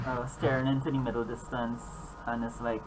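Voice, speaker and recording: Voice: medium pitch, level tone, fairly quick. A player narrating their character's actions hesitantly, with many fillers and restarts. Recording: noisy home recording.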